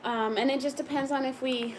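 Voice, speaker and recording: Young woman, fairly high voice, sleepy and chatty, reading comments on a live stream, background noise. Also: steady tone, a little fast, low-quality recording. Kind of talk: casual live stream chat.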